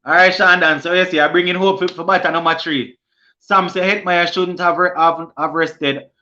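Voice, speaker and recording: A man's voice: high-pitched, fairly even intonation, moderate pace, pushed and bright. A young man with a Jamaican accent hosting a cricket live stream, reading viewer comments aloud and answering them in a casual way. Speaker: sports channel host. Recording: lo-fi stream audio.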